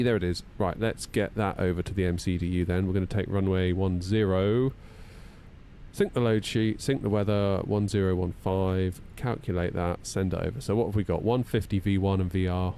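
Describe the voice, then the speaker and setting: A man's voice: deep voice, normal speed, mellow, slight background noise. A man in his thirties, chatting casually on a live stream while running through flight checklists, self-deprecating and talkative. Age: 30s.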